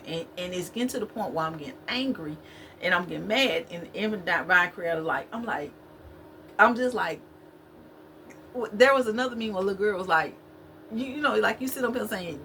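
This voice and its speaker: A woman's voice: medium pitch, lively intonation, moderate pace, fairly bright tone, slight background noise. Preachy woman. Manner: preachy, repetitive, conversational. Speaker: spiritual vlogger. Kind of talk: spiritual talk to camera.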